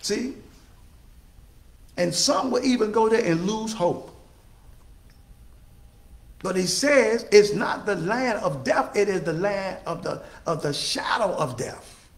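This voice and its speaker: A man's voice: high voice, animated, slow pace, long pauses, reverberant. A man preaching a sermon with call-and-response, stretching out his key phrases for emphasis.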